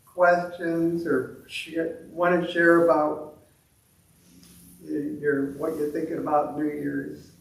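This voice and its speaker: A man leading a meditation group, talking in a halting, self-deprecating way with many restarts. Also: on the high side, monotone, vocal fry. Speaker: meditation leader. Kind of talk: reflective talk to a meditation group. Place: meditation temple hall. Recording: echoey room from a distant mic.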